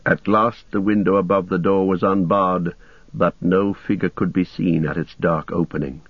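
A male narrator reads a fantasy story in a measured, even manner. His voice is low and dry, and the recording sounds dull and lo-fi. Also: slightly rough, dry recording. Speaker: audiobook narrator. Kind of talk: scripted narration.

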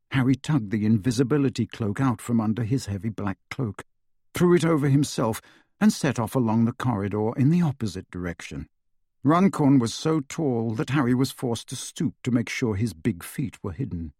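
A man narrating an audiobook in an expressive, measured storytelling voice on a close studio mic. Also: mid-range voice, slightly rough, no echo.

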